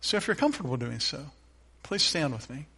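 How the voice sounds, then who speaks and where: Man, middle-aged, pastor, sermon, slightly high voice, earnest, loud-to-hushed swings. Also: very animated, fairly quick, creaky, slightly rough. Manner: earnest, swings from loud emphatic lines to soft, hushed ones.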